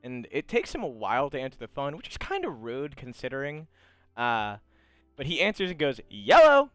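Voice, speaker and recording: Man, tabletop game master, chatty narrator, crisp and dry. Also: mid-range voice, sing-song, brisk, fairly bright tone, no echo, faint music behind. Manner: chatty, laughing, scene-setting.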